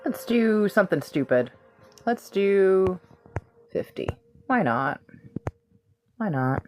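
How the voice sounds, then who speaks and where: A woman's voice: mid-range voice, big pitch swings, takes it slowly, a little mellow, soft background music. A woman hosting a casual energy-healing livestream, effusive and affectionate with her viewers, and swearing freely as she talks. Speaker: reiki practitioner hosting a livestream.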